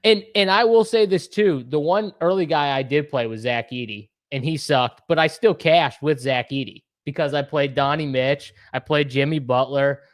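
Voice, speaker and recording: A man's voice: fairly high pitch, normal speed, few pauses. A man hosting a casual sports betting show, joking and bantering loosely with his co-host.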